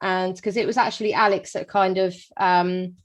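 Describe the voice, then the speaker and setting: A woman's voice: mid-range voice, little pitch movement, moderate pace. A woman, a guest singer, chatting casually in an interview with frequent ums.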